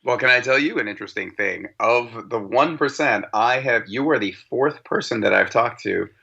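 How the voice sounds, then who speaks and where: Gravelly-voiced podcast host, dull sound. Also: male voice, mid-range voice, pushed and bright. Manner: joking, quick to laugh. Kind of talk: casual chat.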